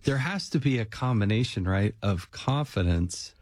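A man's voice: fairly low pitch, lively intonation, moderate pace, darkish tone, no room sound, studio quality. A man hosting a casual interview, talking in a conversational, reflective way.

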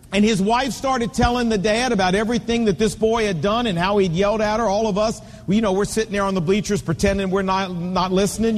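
A man's voice: high-pitched, big-room sound. A middle-aged man preaching a sermon to fathers with emphatic, repetitive cadences and folksy asides.

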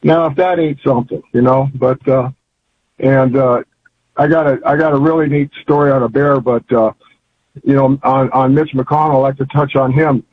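Over a phone line with slight hiss or hum, an older caller chats on a call-in radio show, rambling and folksy yet emphatic. His voice is medium in pitch, with fairly even intonation and a normal speed.

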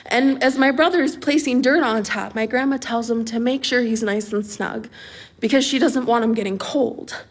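A young adult woman telling a comic personal story on stage at a live storytelling event, animated and laughing as she talks. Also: a little high, moderate pace. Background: audience laughter.

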